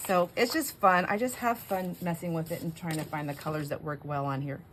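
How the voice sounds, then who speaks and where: A woman with a low, deep voice chats loosely through her crafting, trailing off into fillers as she works. Faint background noise sits under her voice in a home craft room. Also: steady tone, a little fast, fairly bright tone. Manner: rambling, chatty, with many fillers. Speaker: craft channel host. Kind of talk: casual craft chat.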